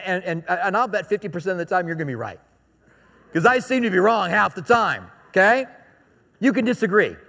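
A man's voice: high-pitched, fairly bright tone, big-room sound. A man preaching a sermon as pastor, talking in a conversational, joking way and hammering points home by repeating them. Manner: conversational and joking, with emphatic repetition.

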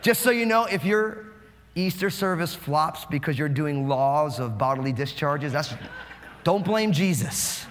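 A pastor from New Jersey preaching a sermon with fast, animated, joking delivery. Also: male voice, fairly high pitch, a little hiss or hum. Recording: long hall reverb.

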